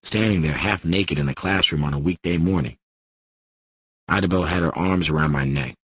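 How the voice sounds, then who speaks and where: A man reading an audiobook in steady first-person narration on a studio microphone. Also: low-pitched, normal speed, husky, no echo, highs cut off. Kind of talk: scripted narration.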